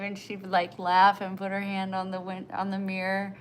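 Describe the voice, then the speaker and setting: A woman's voice: mid-range voice, little pitch movement, moderate pace, hardly any pauses, a little hiss or hum, poor audio. A woman livestreaming, chatting with her viewers in a tender, emotional, rambling way. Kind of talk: casual live chat.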